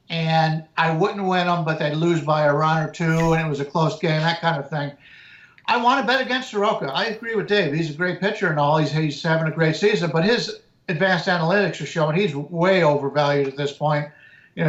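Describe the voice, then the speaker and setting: A man, a sports handicapper, giving measured betting analysis and often restarting his words. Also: on the high side, a bit bright, reverberant, lo-fi sound.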